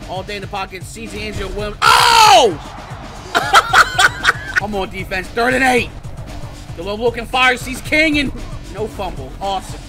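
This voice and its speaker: A man doing excited gameplay commentary for his channel, swinging between muttered play-by-play and outbursts of shouting and cursing. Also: sits high, normal speed. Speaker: gaming channel host. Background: game music.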